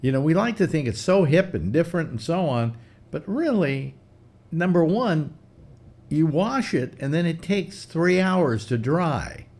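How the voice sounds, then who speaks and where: Older man, host, casual chat, animated storyteller, lively swings in pitch. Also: unhurried, creaky.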